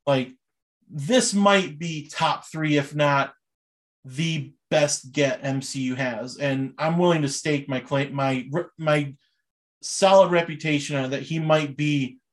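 A man's voice: on the high side, slow. A young man chatting casually as a podcast host, rambling and enthusiastic with many fillers. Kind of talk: casual chat.

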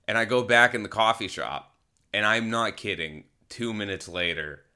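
Low-voiced man rambling on a podcast. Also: normal speed, bright, forceful tone. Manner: rambling, self-correcting, candid. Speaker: podcast host. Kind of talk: casual storytelling monologue. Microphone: phone camera.

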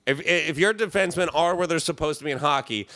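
A man with a fairly high voice talks loosely as a podcast guest, animated and often trailing off mid-sentence. The sound is dry with no room echo. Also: fast, creaky. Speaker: comedian guest. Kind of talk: casual podcast chat.

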